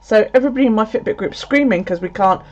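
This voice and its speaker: A woman with a medium-pitched, slightly mellow voice talks fast while livestreaming from home, chatting casually and telling a story laced with swearing. The audio is lo-fi and slightly dull.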